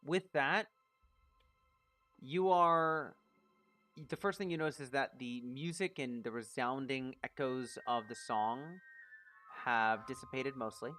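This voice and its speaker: A man narrating a tabletop game as game master, in a relaxed, rambling way. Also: mid-range voice, slow, pauses often, soft background music.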